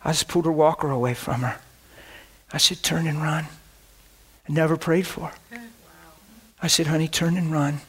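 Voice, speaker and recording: A man preaching a sermon, telling animated stories and acting out scenes, breaking into laughter, shouts and whispers. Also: fairly high pitch, moderate pace, long pauses, breathy edge. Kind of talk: storytelling sermon.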